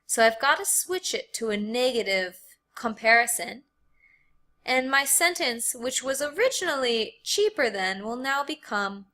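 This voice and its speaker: American woman, ESL teacher; bright, slightly high voice, very slow and deliberate delivery. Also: animated. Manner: slow, careful explaining, repeating words for learners. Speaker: English teacher. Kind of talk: grammar lesson.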